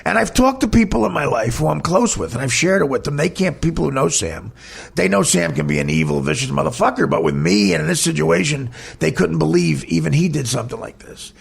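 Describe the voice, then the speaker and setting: Man, comedian podcast host, gravelly, husky, high, lively pitch, blunt and heated storytelling. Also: a little fast. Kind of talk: candid personal storytelling.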